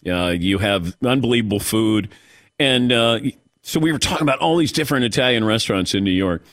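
A man's voice: medium pitch, a little fast, no echo, clean studio sound. A man hosting a sports talk show, chatting casually with his crew and joking around. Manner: animated, joking, drops into mock Italian voices. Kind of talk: casual sports radio banter.

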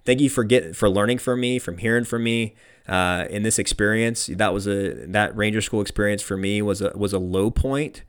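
A young man speaks with a lowish, smooth and clear voice. He gives an earnest motivational talk on leadership. He repeats key phrases to drive a point home. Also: steady tone, moderate pace.

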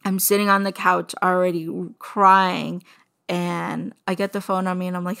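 A woman telling her own story as a personal testimony, soft and halting, with many pauses and fillers. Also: fairly low pitch, flat delivery, gravelly.

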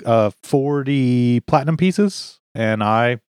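A man's voice: mid-range voice, expressive, slow pace, darkish tone, smooth, no echo. A man playing a tabletop game, who talks casually and asks practical questions. The recording is dry and close. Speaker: player.

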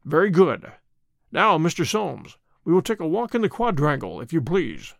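Male reader's unhurried detective, assured, fairly high voice. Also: big pitch swings, creaky, dry recording, studio quality. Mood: calm authority. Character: calm, commanding male detective.

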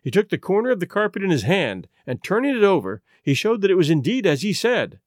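A man narrating a detective story in an expressive, dramatic reading. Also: sits high, fast, no echo, clean studio sound. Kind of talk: audiobook narration.

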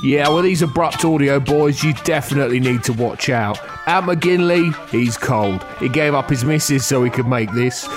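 A man's voice: medium pitch, normal speed, few pauses, music in the background. Man with mock-menacing outro banter.

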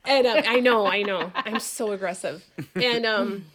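A woman in her forties telling a story in casual chat, animated and swearing freely as she acts out what people said. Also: mid-range voice, unhurried, a crowd in the background. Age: 40s.

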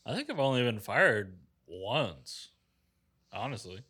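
A man's voice: lowish voice, very animated, slow pace, pushed and bright, breathy edge. A man in casual chat, reacting with laid-back, profane jokes and short asides.

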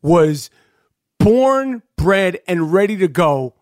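High-voiced rambling male host. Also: sing-song, takes it slowly, dry recording, clean studio sound. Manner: rambling questions, heavy filler words, swears. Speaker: podcast host. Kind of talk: casual interview chat.

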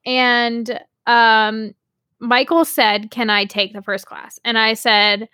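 Young american woman on a podcast, bright kinda high voice, rambles. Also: flat delivery, slow pace, no room sound, clean studio sound. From United States. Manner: rambling, hesitant, many fillers. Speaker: podcast co-host. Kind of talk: casual chat.

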